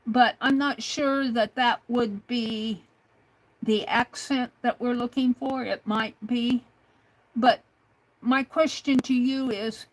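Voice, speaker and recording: A woman hosting a craft livestream talks to a chatbot in a slow, hesitant way, full of little fillers. Her voice sits a bit high. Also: low-quality recording. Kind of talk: casual livestream talk to a chatbot.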